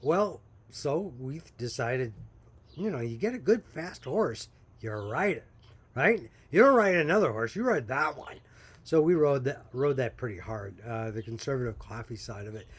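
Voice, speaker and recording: A man's voice: mid-range voice, animated, normal speed, breathy edge. A man who owns a small coffee company, telling his story in a chatty, folksy way and chuckling now and then. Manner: folksy, chatty, laughs while telling stories. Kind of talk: casual storytelling to camera.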